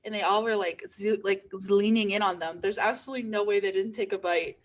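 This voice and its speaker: Young woman co-host, mid-pitched, chatty and emphatic. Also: steady tone, fast talker, noisy background. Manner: chatty, filler-heavy, emphatic. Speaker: podcast co-host. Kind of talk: casual chat.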